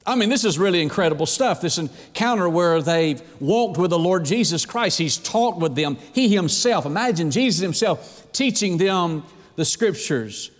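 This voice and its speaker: High-voiced preacher in a reverberant hall. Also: male voice, expressive, normal speed. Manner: preaching with dramatic acted-out quotes and repeated "friend". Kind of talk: sermon. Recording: long reverb in a large hall.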